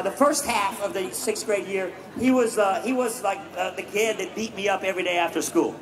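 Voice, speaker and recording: High-voiced man telling stories. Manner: animated, joking, self-deprecating. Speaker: speaker at a benefit event. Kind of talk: humorous personal storytelling sermon. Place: large live event venue. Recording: distant mic with crowd and room noise.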